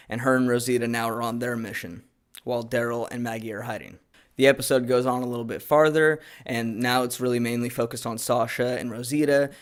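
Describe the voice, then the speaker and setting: Laid-back man recapping a TV episode. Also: medium pitch. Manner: laid-back, rambling with fillers. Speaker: TV episode reviewer. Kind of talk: casual recap and review.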